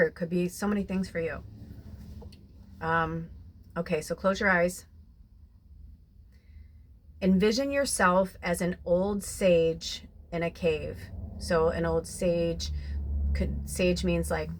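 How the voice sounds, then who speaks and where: A woman's voice: lowish voice, a little hiss or hum. A young adult woman, a spiritual medium, talking in a rambling, emotional way with lots of "like" and "you know", then leading a guided meditation. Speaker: spiritual medium doing a card reading. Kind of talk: casual, emotional personal talk and guided meditation.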